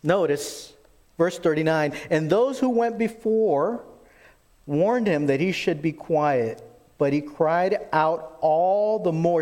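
Animated high-voiced male preacher. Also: slow pace. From lived in Texas. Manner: animated storytelling preacher, acts out the quotes. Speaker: pastor. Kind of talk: sermon.

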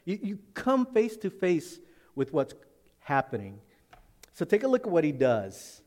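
A male pastor preaching in a church with a high voice that leaps up and down. He is animated and dramatic, acting out the voices of the people he describes, with laughter slipping in. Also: unhurried, in a large hall. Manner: animated, acts out quotes, laughs often. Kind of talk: expository sermon.

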